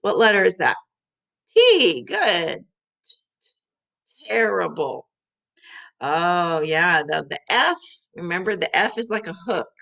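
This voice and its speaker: A woman's voice: lowish voice, big pitch swings, slow pace, gravelly, pauses often, a bit bright. A middle-aged woman teaching vocabulary to young children, sounding out letters and syllables.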